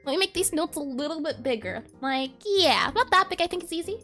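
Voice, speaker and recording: Giggly high-voiced woman streamer. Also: animated, fairly quick, sharp tone, faint music behind. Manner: giggly, reads chat aloud and answers it. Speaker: art streamer. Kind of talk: casual live-stream chat while drawing.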